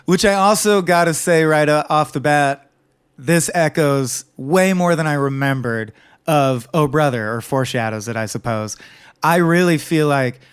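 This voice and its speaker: A man's voice: on the high side, moderate pace, smooth. A man co-hosting a podcast, talking through a film in casual, enthusiastic chat with the odd swear. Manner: enthusiastic, quotes dialogue and swears freely. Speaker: podcast co-host.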